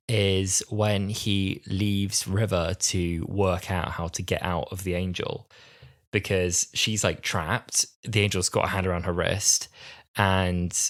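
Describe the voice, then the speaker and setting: A man's voice: low voice, fairly even intonation, a little slow. A young man in his twenties co-hosting a podcast, talking in a rambling, casual way full of fillers and acted-out quotes. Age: 20s. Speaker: podcast co-host. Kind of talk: casual chat.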